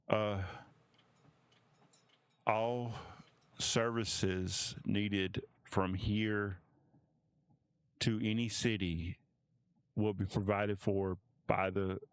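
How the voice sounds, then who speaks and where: A stately queen addresses her guests in a slow, courtly manner, as a man at a game table puts her on. The voice sits somewhat low and comes across clean and close, with little room around it. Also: steady tone, clear, resonant tone, no echo. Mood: courteous. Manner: formal, courtly speech. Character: stately woman queen of a realm, formal and gracious.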